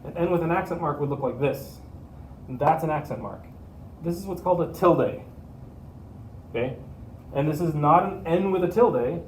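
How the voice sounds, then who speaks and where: A male teacher explains pronunciation to his students with steady patience, saying each key point twice. He is heard from a little way off in an echoing room with a faint hum behind him. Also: on the high side, moderate pace, pauses often, recorded from a distance. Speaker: Spanish teacher. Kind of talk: classroom lesson to students.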